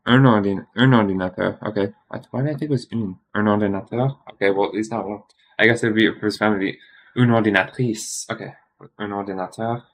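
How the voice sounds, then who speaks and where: A man's voice: lowish voice, fairly even intonation, quick pace. A man thinking aloud during a study stream, muttering and correcting himself as he works through a quiz, tired and yawning.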